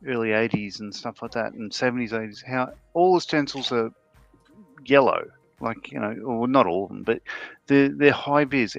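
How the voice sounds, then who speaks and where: A man hosting a live panel, chatting casually in a rambling way that trails off softly. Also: medium pitch, vocal fry, no room sound. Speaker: panel host building a scale model. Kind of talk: casual chat. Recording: dull lo-fi sound with faint music.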